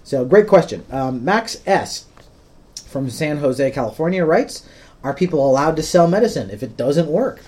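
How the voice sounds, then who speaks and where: With a slightly high, animated voice and a darkish tone, this US podcast host speaks at normal speed. He explains things patiently and plainly in relaxed podcast talk, saying "um" often.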